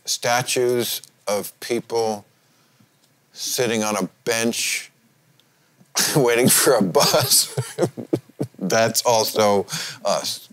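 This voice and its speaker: A man's voice: medium pitch, drawn-out words, pauses often, fairly bright tone. A man hosting a podcast, chatting casually with wry, needling humor. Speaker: podcast host. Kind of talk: casual chat.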